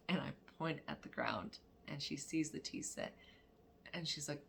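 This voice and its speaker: Low, gravelly-voiced mother telling a story. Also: fairly quick, a little hiss or hum. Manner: animated, acts out quotes, laughs often. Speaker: mother of daughters. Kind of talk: casual spiritual storytelling vlog.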